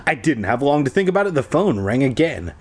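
Young male reader, comic storybook narration, very expressive pitch. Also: a little fast, slightly rough. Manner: animated, sarcastic asides. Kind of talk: comedic storybook reading.

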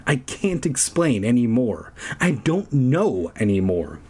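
A man voicing a sad young ghost girl in a spooky camp story, speaking softly and mournfully, with a slow, husky voice. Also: medium pitch, big pitch swings, heavily acted. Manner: soft, sighing, mournful delivery.

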